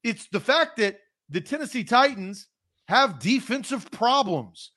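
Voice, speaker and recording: A man's voice: extremely high pitch, sing-song, a little slow, pushed and bright. A man co-hosting a sports talk show, emphatic and heated, repeating his points. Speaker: podcast co-host.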